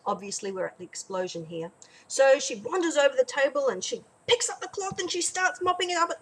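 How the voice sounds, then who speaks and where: A woman, a parenting educator, tells a teaching story in an animated way and acts out the characters as she goes. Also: high-pitched, brisk, rough recording. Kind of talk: storytelling lesson.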